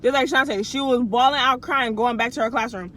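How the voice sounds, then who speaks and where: A woman's voice: on the high side, a little fast, a bit bright, slight background noise, poor audio. A young adult woman vlogger telling a casual storytime in a chatty, slangy way, with restarts and asides to her viewers.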